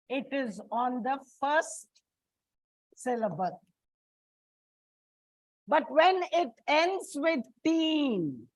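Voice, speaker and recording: Speaking in a high, expressive voice, a woman lectures her classroom on English stress rules, going slowly and deliberately through each step and calling the students children. No echo can be heard in this dull, lo-fi, dry recording.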